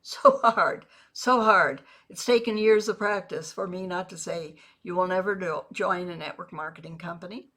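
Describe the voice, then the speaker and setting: A woman who works as a network marketing mentor, teaching a video lesson in a measured, deliberate way and repeating example phrases. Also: mid-range voice, fairly bright tone.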